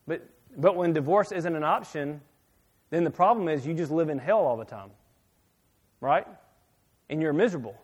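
A middle-aged man preaching a sermon, telling a personal story with many repeated words, swinging between loud emphasis and near-hushed asides. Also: a little high, animated, normal speed, pauses often, breathy edge. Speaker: pastor.

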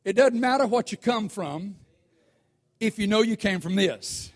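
High-voiced preacher man, drawl. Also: unhurried. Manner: conversational preaching that swells to shouts. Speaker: pastor. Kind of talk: sermon.

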